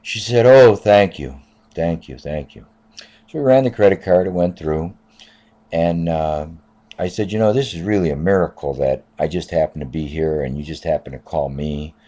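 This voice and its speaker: A man in his fifties, a taxi driver, telling a personal story in a casual, rambling way, often repeating "I said" and filling pauses with "uh". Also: rumbling low, dark tone. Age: 50s.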